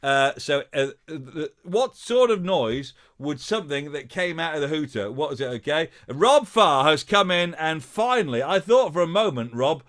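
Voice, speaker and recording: A man hosting a live-streamed quiz, chatting in a halting way with lots of filler sounds and reading out viewers' guesses playfully. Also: on the high side, sing-song, a bit bright. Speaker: host of a live-streamed show.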